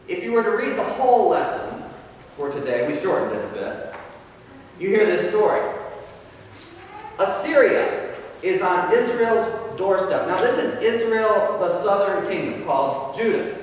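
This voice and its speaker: A male pastor preaching a conversational, storytelling sermon, his voice dropping in pitch and volume at the ends of phrases, in an echoey church hall from far off. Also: a little hiss or hum. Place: church sanctuary.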